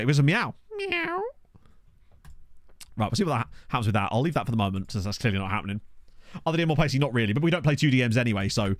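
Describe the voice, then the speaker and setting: A man's voice: mid-range voice, slight background noise. A man live-streaming a management game, chatting casually, thinking aloud and swearing now and then. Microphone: desk condenser microphone.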